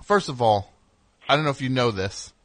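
A male radio host riffs in sarcastic, incredulous banter with a caller, often sliding into deadpan absurd bits. His voice sits at a middle pitch. The studio mic sounds close and dry. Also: moderate pace, no echo. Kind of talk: comedic call-in radio banter.

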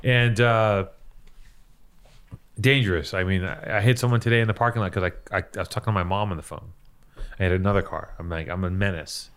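A man's voice: low-pitched, steady tone, fairly quick, a bit bright, smooth. A young man hosting a podcast, telling a heated story in casual chat and swearing freely. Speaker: podcast host.

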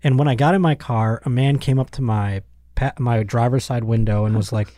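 A man in his thirties hosting a podcast, telling a story in a lively, casual way and acting out other people's lines. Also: mid-range voice, a little fast, no echo, studio quality. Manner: animated storyteller, acts out quoted voices. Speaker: podcast host. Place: podcast studio.

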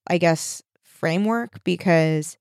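A woman's voice: lowish voice, slow pace, darkish tone, dry recording, studio quality. A woman co-hosting a casual book podcast, talking hesitantly with many filler words as she searches for words. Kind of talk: casual chat.

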